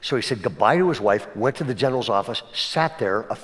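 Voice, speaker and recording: A male pastor giving a conversational sermon, swinging between emphatic and hushed delivery and often checking in with his listeners. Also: medium pitch, lively intonation, fast talker. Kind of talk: sermon storytelling.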